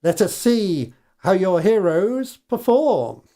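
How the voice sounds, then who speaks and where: A man doing a little goblin doorkeeper with a high, bright voice. He drags out each line like a formal proclamation, slow and stately. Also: big pitch swings, full character voice. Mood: grandly formal. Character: small chirpy male goblin gatekeeper, formal.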